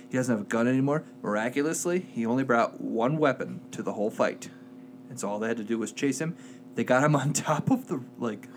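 A man chatting on a podcast, spinning a movie plot with energy and slipping into quick voices for each character. His pitch sits in an ordinary middle range, and a faint hum runs underneath the recording. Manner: animated storyteller, acts out quotes in quick put-on voices, laughs often. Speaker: podcast co-host. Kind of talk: casual chat, retelling a movie plot.

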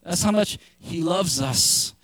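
A middle-aged male pastor giving a sermon, chatty and joking, then rising to shouted emphasis. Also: high voice, slow, no room sound.

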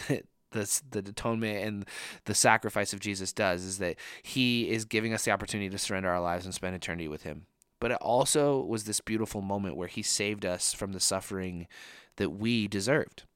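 A man's voice: on the low side, fairly bright tone, clear, resonant tone, dry recording, studio quality. A young man preaching a sermon in an earnest, conversational way, with frequent casual fillers. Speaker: pastor.

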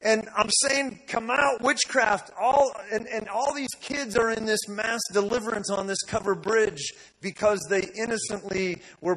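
A man preaching a sermon, telling a story with energy, repeating words and rising to loud declarations. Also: sits high, rough recording. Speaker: pastor. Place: church service.

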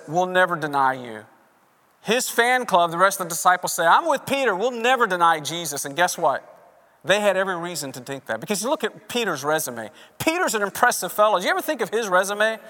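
High, bright-voiced preacher in a reverberant hall. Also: male voice. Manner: animated, acts out quoted voices. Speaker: pastor. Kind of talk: sermon.

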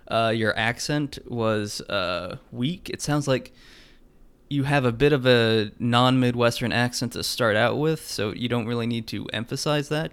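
A man's voice: medium pitch, smooth. A man hosting a podcast, reading tarot cards for callers in a dry, hesitant way full of filler words. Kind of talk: casual chat.

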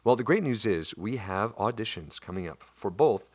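A man's voice: fairly low pitch, animated, normal speed, a little mellow, husky. A man with a Midwestern accent, hosting a theater company's podcast and announcing its coming season in an upbeat, chatty way with frequent "uh" fillers. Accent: Midwestern American. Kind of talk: solo promotional podcast announcement.

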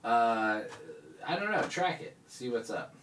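A man's voice: mid-range voice, very animated, a little slow, fairly bright tone, slight background noise. A man in casual chat among friends, mumbling and trailing off, laughing at himself.

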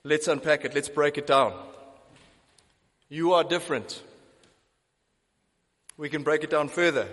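A man preaching a sermon, emphatic and deliberate, repeating key phrases for stress. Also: on the high side, fairly even intonation, a bit bright, in a large hall.

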